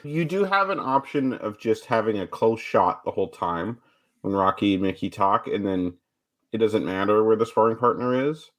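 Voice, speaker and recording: A man co-hosts a casual podcast, talking things through in a thoughtful, explaining way. His voice sits a little low. He builds his points step by step. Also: animated, normal speed. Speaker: podcast co-host.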